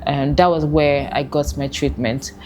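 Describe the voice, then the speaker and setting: A Nigerian woman giving a personal testimony, speaking haltingly with emotional pauses. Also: low voice, steady tone, over music. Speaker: testimony guest.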